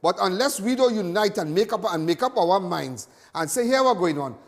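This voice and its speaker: A man's voice: high-pitched, expressive, normal speed, in a large hall. A Trinidadian man hosting a live talk show, talking in a folksy, preaching way and repeating his phrases. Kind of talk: animated live commentary.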